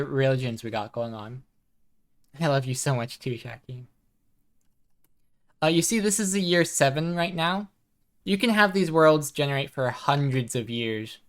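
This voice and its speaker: A woman streaming a game live, chatting casually and softly, reading chat messages aloud at a desk microphone. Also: a bass voice. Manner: chatty, soft-spoken, reads chat aloud.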